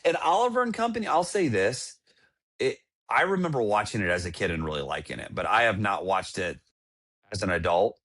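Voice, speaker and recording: A man's voice: on the low side, sing-song, a little fast, a bit bright. A man in his thirties, co-hosting a podcast, chatting enthusiastically and rambling. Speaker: podcast co-host. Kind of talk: casual chat.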